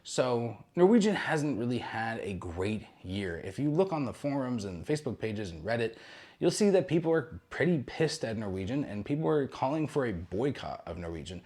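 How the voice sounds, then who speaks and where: A man's voice: mid-range voice, big pitch swings, moderate pace, darkish tone. A young man hosting a casual cruise news roundup, chatty and rambling, with jokey asides and frequent self-corrections.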